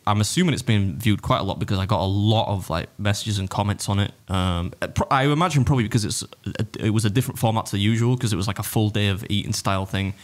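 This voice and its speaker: A man's voice: fairly low pitch, fast, hardly any pauses. An English man, a podcast co-host and video creator, chatting casually and rambling through stories with frequent restarts. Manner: rambling, self-interrupting storyteller.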